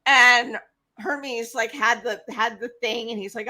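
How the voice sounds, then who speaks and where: A woman co-hosting a podcast, retelling myths in a casual, animated way and acting out the characters. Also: on the high side, a little slow. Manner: animated retelling with acted-out voices. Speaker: podcast co-host. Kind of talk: casual storytelling.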